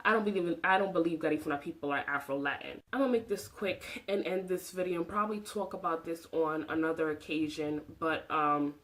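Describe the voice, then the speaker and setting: A woman's voice: sits low, brisk, few pauses, fairly bright tone, low-quality recording. Passionate woman vlogger, emphatic. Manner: emphatic, preachy, talks with her hands. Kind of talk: passionate opinion vlog.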